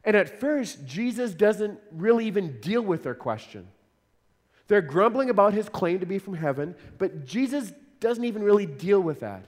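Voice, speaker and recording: A man's voice: high-pitched, sing-song, normal speed, in a large hall. A man preaching a sermon as pastor, earnest and conversational, often repeating words as he explains.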